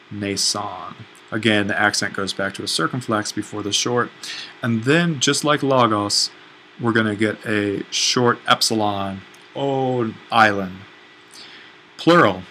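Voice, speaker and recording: A man's voice: lowish voice, bright, forceful tone, slight background noise, low-quality recording. A man teaching a recorded lecture, explaining step by step with fillers and self-corrections.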